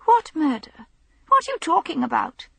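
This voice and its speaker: Frail, frightened hospital patient, a woman, voiced by the woman narrator; weak and high, audiobook. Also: sing-song, normal speed, gravelly, dry recording, full character voice. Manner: weak, confused, rising to panic.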